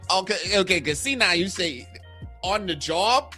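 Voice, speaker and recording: A man's voice: high voice, expressive, measured pace, bright, forceful tone, faint music behind. A man co-hosting a morning radio show, joking playfully and laughing often. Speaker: radio co-host. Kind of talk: casual radio banter. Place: radio studio.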